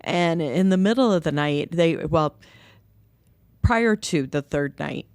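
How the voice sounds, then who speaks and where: Middle-aged woman, low voice, gravelly, candid storyteller, dry close sound. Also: slow, no room sound. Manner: candid, animated quoting of others. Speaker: guest, nonprofit co-founder. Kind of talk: conversational storytelling. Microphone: podcast microphone.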